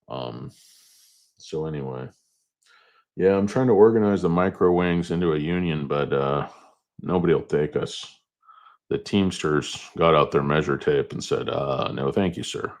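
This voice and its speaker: A middle-aged man hosting stock-market commentary, rambling through jokey asides. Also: sits low. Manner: meandering, jokey asides, many fillers.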